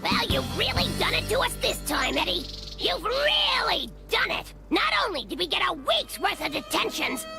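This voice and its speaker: An indignant cartoon boy bird. The voice is very high, wildly swooping in pitch, with a gravelly fry. He accuses his friend bluntly. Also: sing-song, normal speed, music in the background, exaggerated voice. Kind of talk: cartoon voice acting.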